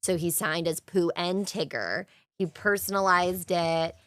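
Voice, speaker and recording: Young woman, podcast co-host, gushing storyteller, lowish voice, dry close sound. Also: steady tone, a little slow, a bit bright, dry recording. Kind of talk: casual chat.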